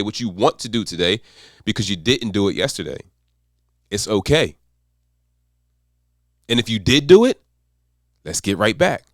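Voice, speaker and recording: Male accountability coach, motivational monologue, swooping lively delivery, dry close sound. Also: mid-range voice, dry recording. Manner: repetitive, emphatic mantras.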